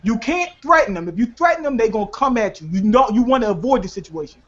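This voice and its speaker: A man co-hosting a casual chat, telling profane, animated stories and laughing often. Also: very high-pitched, quick pace. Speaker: podcast co-host. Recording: dull lo-fi recording.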